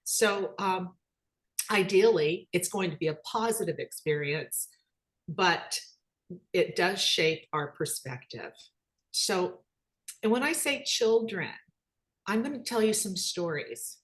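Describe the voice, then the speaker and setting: A middle-aged woman telling personal stories about her children in an animated way, voicing their dialogue. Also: slow, pauses often. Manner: animated, acts out quoted dialogue with rising pitch. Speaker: speaker, children's book author. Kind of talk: personal storytelling talk.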